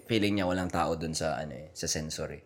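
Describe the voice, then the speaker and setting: A man's voice: a bass voice, fast, noisy background. A young man hosting a podcast, chatting casually, switching between English and Tagalog, laughing and swearing often. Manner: laughing, swearing, acts out voices in anecdotes. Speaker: podcast host.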